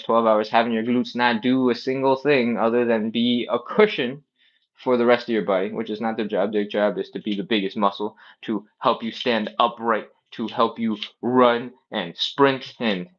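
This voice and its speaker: A man in the middle range of pitch, coaching a live stretching session in a loose, upbeat way and often checking in with "all right?" He calls out the exercise cues while doing the moves himself. The audio is dull and lo-fi. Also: fairly even intonation, moderate pace. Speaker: fitness instructor. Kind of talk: live-streamed stretching class.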